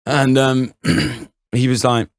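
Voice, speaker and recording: A man's voice: medium pitch, fairly even intonation, drawn-out words, no room sound, clean studio sound. A young man on a podcast, telling a rambling anecdote full of fillers and laughs. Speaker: podcast co-host. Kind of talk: casual chat, storytelling.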